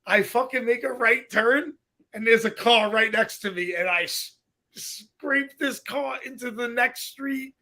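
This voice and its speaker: Brooklyn guy, high bright voice, podcast co-host, animated storyteller. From Brooklyn, New York. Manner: animated, swearing, quick storytelling. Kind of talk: casual chat, storytelling.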